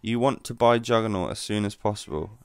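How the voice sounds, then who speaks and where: A man giving relaxed, rambling commentary over his gameplay as the channel's host. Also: fairly low pitch, fairly quick, clear, resonant tone, no room sound.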